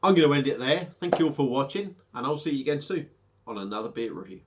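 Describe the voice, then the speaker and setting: A man's voice: medium pitch, very animated, fast talker, noisy background. Chatty man reviewing a beer. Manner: rambling, chatty, hesitant fillers. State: slightly under the weather. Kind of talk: casual beer review vlog.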